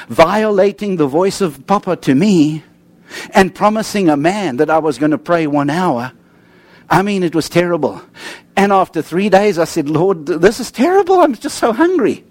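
A preacher with a fairly high voice tells stories animatedly, mixing jokes with earnest teaching. His tone leaps up with excitement and drops low for emphasis. The recording is dry and close, with no room echo. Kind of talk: sermon.

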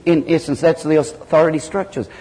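A man's voice sits a little high as he preaches, swinging into sudden loud, high bursts while he tells his stories. He is from southern Africa. A long reverb trails behind him, as if he were speaking in a large hall. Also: fairly quick. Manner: animated storytelling with sudden loud jumps in pitch. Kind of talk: sermon.

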